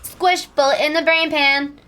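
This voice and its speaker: A young woman talks to her live viewers in a casual, slightly high voice. She pokes fun at herself and jumps into squeaky yelps when something catches her off guard. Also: fairly even intonation, measured pace, sharp tone. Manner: bubbly, self-deprecating, bursts into squeaky high exclamations. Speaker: streamer.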